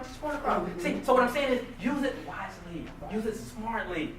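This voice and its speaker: A man giving an animated, joking motivational talk to a live audience, often quizzing the crowd. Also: extremely high pitch, brisk, few pauses. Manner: animated, jokey, questions the crowd. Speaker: motivational speaker. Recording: distant echoey room recording with noise.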